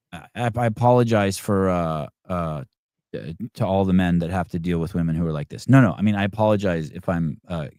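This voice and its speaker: Rambling and profane, this podcast host keeps restarting his sentences and leaning on fillers during a casual chat. His voice is low and a little mellow, recorded cleanly in a studio with no room sound.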